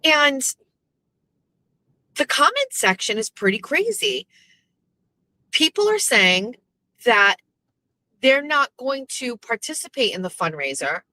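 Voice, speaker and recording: A woman hosting a casual morning show, chatty and animated, swearing freely as she tells stories. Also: high-pitched, slow, long pauses, dry recording, poor audio. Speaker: show host.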